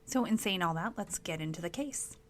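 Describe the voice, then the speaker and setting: A woman hosting a true crime podcast, telling stories in a chatty, expressive way and leaning on casual fillers. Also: on the low side, brisk, slight background noise. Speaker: podcast host.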